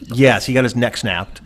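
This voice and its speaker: A man co-hosting a podcast, chatting in an animated, rambling way full of fillers and quick mimicked voices. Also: medium pitch. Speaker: podcast co-host. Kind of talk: casual chat.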